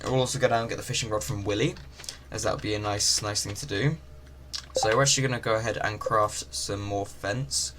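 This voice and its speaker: A man's voice: on the low side, steady tone, fairly quick. A man giving casual, rambling commentary on a farming game, full of fillers. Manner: chatty, rambling, with many fillers. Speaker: gaming channel host. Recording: game ocean noise behind.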